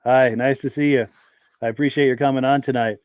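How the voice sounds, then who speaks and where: A man's voice: mid-range voice, fairly even intonation, fairly quick, darkish tone, clear, resonant tone, dry recording. A man hosting a live-stream podcast who chats in a friendly way and welcomes viewers by name. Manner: reads viewer names aloud, friendly and welcoming. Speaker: podcast host.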